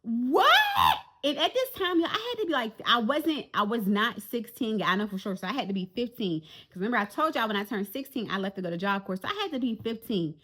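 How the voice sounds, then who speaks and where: A woman, telling an animated storytime straight to her viewers. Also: on the high side, fast, few pauses. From Jacksonville, Florida. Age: 40s. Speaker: vlogger. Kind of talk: storytime vlog.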